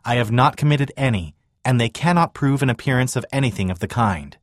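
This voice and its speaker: A man's voice: mid-range voice, animated, a little fast, no room sound, studio quality, natural voice. A man voicing a resolute imprisoned prophet who speaks in an earnest, firm way. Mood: earnest resolve.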